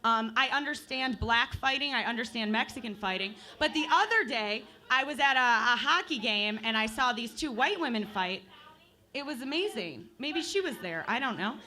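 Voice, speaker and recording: A woman's voice: fairly high pitch, animated, moderate pace, pushed and bright. A woman in her twenties from Michigan doing open mic stand-up comedy, chatty and profane, playing with the crowd on a bar stage. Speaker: stand-up comic.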